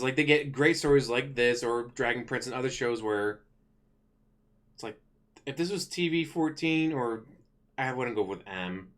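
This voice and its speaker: A man ranting casually to camera as a channel host, rambling and correcting himself, blunt and quick to swear. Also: medium pitch.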